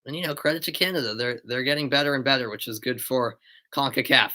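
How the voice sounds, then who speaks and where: A man's voice: medium pitch, quick pace, pushed and bright. A tired young man doing live amateur play-by-play of a football match, chatting with viewers between calls. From United States. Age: young adult. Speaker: play-by-play commentator.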